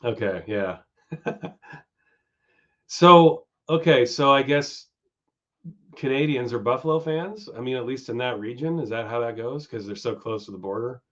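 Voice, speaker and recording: Male stream host, chatty and profane, lively up-and-down delivery, dull lo-fi audio. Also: mid-range voice, measured pace. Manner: chatty, swears freely, goes off on tangents. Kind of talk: casual live-stream chat.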